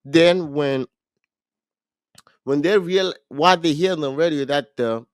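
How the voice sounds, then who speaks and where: Fairly high-voiced man recapping a movie. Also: slow pace, smooth, no room sound, studio quality. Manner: animated storytelling with frequent restarts. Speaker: podcast co-host. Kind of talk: casual podcast movie recap.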